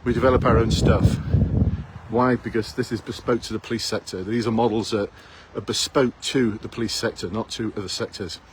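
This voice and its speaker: A man's voice: on the low side, steady tone, a little fast, a little hiss or hum, poor audio. A man in his fifties, a police recruitment coach giving blunt, challenging advice full of rhetorical questions, recorded outdoors in a town. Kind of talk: direct advice to camera.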